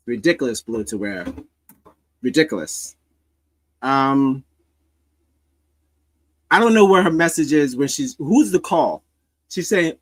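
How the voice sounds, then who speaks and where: A man's voice: mid-range voice, low-quality recording. A man hosting a casual commentary stream, reacting to social media clips in a rambling, sardonic way with many restarts.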